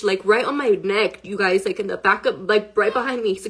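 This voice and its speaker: A young woman telling her own story to the camera, rushed and emotional, swearing and filling with "like". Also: mid-range voice, slight background noise. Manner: rushed, profane, full of "like". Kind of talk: emotional personal account to camera.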